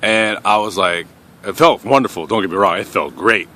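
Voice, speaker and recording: A young man telling a crude personal story to camera in a casual, rambling way, often trailing off quietly. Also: fairly low pitch, moderate pace. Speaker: vlogger.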